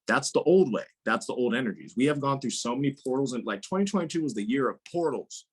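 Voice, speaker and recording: Animated husky-voiced man. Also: medium pitch, fast talker. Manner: animated, emphatic, laughs often. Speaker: guest, spiritual teacher. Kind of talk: casual interview conversation.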